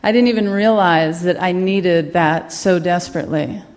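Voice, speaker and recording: A woman from Mississippi, a comedian, telling a personal story on stage in a halting, candid, quietly emotional way. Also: lowish voice. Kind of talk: stand-up storytelling monologue.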